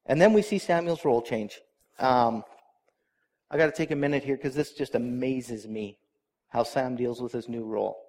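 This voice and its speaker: A middle-aged man preaching a sermon, earnest and animated, with asides to the congregation. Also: mid-range voice, normal speed. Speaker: pastor.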